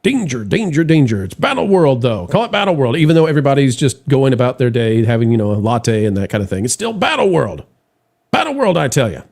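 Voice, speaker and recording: A man hosting a casual livestream chat, his voice rising and falling with lively swings in pitch as he reads viewer messages aloud. He sounds animated and talkative. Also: fast. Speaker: podcast host reading super chats.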